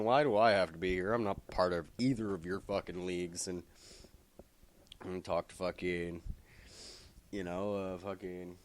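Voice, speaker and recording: Man, very low voice, rambling casual comic recap, faint hiss behind. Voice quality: low voice, heavy swearing, rambling. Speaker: comic book reviewer.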